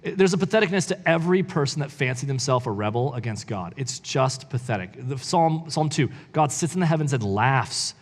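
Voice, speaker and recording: A man's voice: medium pitch, animated, brisk, hardly any pauses, long reverb tail. A man reading a book aloud and commenting on it in a heated, informal way, often saying "like". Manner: heated, informal, heavy use of "like". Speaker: church reader and commentator.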